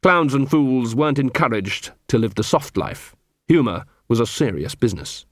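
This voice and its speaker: This scripted audiobook narration comes from a man whose voice sits in the mid-range, delivered in a measured, expressive storytelling way. The sound is clean studio audio without any echo.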